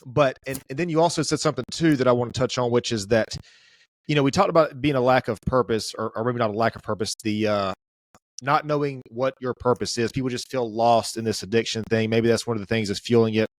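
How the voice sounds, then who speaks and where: Fast-talking man, dry close sound. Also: medium pitch, no echo. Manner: rambling, restarts often, thinks aloud. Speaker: podcast host. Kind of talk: casual interview chat.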